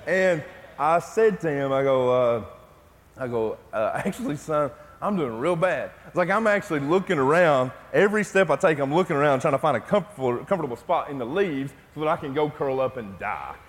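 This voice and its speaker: A man's voice: fairly high pitch, lively intonation, fairly quick. A middle-aged man preaching a sermon as pastor, telling a personal story in a conversational way before speaking of the gospel. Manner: storytelling, conversational, then hushed and intimate in prayer. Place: church sanctuary. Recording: long church reverb.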